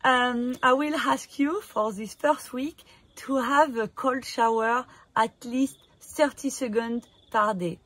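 French-accented woman wellness coach, slow and hesitant, slightly high voice, casual vlog delivery. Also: fairly bright tone, no echo. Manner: halting, hesitant, many fillers, laughs often.

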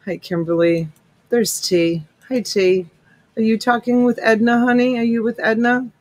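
On a rough, dry recording from a USB desk mic, a middle-aged reseller hosts her live-stream sale at normal speed. Her voice is a little high with fairly even intonation, and she chats casually, welcoming viewers by name as honey and sweetheart.

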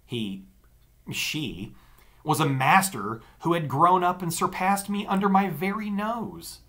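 A man narrating an audiobook in an expressive storytelling manner. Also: fairly high pitch, takes it slowly.

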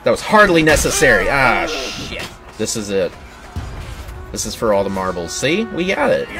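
With a medium-pitched, sing-song voice at normal speed, a young man comments casually on gameplay in his gaming video. He jokes, swears and laughs nonstop while game music and battle sounds play.

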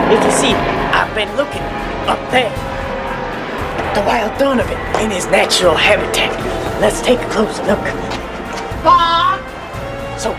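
A young man playing a goofy male wildlife-show host, narrating in a put-on accent as if whispering about a shy creature. Music plays behind him. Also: high voice.

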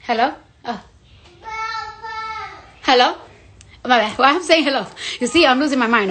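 A young woman chatting casually on a live stream, excitable and rambling, swearing freely as she talks. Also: sits high, normal speed, pauses often, background noise.

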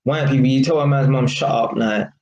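A man's voice: mid-range voice, brisk, darkish tone, dull audio, a little hiss or hum. A young man with a London accent, ranting casually to camera in street slang. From England. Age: young adult. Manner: heated street slang, repeats "innit". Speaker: vlogger. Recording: echoey room with faint ambience.

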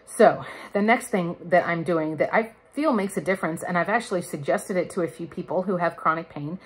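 A woman's voice: on the low side, breathy edge. A woman in her thirties chatting candidly to camera in a casual vlog, laughing now and then. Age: 30s. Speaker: vlogger. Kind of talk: casual chat.

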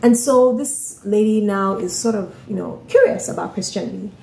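A woman's voice: medium pitch, moderate pace, gravelly, dark tone, a little hiss or hum. A woman telling a story in a casual vlog, chatty, often asking "right?" and "you know". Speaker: author and vlogger. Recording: roomy echoey room.

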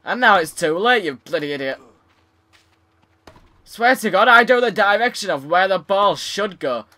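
A man's voice: high voice, lively intonation, moderate pace, sharp tone. A young man commentating his tennis game, frustrated, swearing and sarcastic. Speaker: gaming YouTuber. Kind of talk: let's play commentary.

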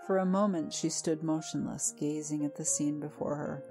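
Low-voiced woman storyteller. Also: fairly even intonation, normal speed. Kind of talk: storybook narration. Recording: faint music behind.

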